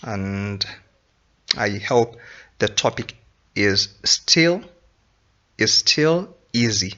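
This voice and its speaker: A man teaching an English grammar lesson, explaining slowly and repeating each example sentence. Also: lowish voice, expressive, pushed and bright, highs cut off.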